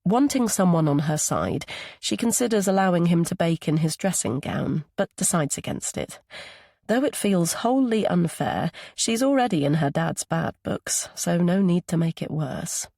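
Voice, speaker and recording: A woman's voice: fairly low pitch, expressive, normal speed, vocal fry, dark tone, no room sound, studio quality. A woman narrating a psychological thriller audiobook, giving each character its own voice.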